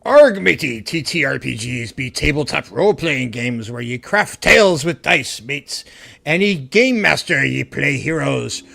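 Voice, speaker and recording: A man putting on a pirate voice for a quick bit, with a growl and rolling delivery. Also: medium pitch, lively intonation, gravelly, pushed and bright, exaggerated voice. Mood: swaggering. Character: hearty male pirate describing games.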